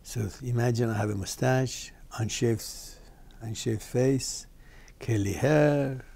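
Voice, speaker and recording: An older man from Iran, telling his own story in an interview in animated, emphatic, slightly broken English. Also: medium pitch, slow. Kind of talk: personal storytelling.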